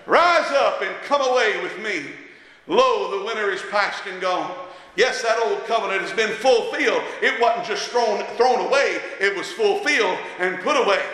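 A man preaching a sermon, impassioned and rising to shouts at times, recorded in an echoey church hall. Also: high-pitched, expressive, normal speed. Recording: echoey hall with long reverb.

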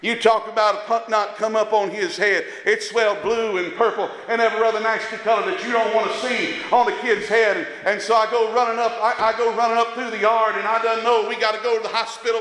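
High-voiced impassioned preacher, echoey hall. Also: male voice, fairly even intonation, brisk. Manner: impassioned, rising to shouts. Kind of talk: sermon. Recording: echoey hall with long reverb.

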